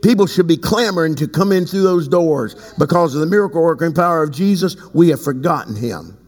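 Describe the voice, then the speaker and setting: A man preaching a sermon as bishop of his church, talking conversationally and breaking into loud emphatic bursts. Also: on the high side, lively intonation, fairly quick. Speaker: bishop and pastor. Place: church sanctuary. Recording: long reverb in a large hall.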